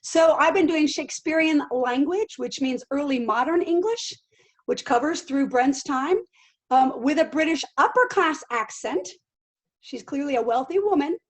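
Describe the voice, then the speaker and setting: A middle-aged woman, a living history actress, answering interview questions in an animated way and acting out quotes. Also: high voice, moderate pace. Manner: animated, acts out quotes and accents.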